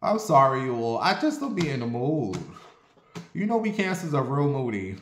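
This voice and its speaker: A man's voice: mid-range voice, moderate pace, background noise. Brief: a sassy, profane man in his forties telling stories to camera, with a mid-range voice in a roomy, echoey space. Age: 40s. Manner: blunt, sassy, profane, animated. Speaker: vlogger. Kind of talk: casual storytelling monologue. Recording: roomy echo.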